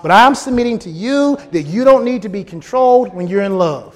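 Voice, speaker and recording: A man preaching a sermon, animated and building to shouts. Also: high-pitched, brisk. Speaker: pastor.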